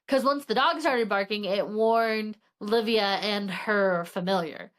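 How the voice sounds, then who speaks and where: A woman co-hosting a casual book chat, retelling the plot in an animated way with quick voiced asides. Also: mid-range voice. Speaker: podcast co-host.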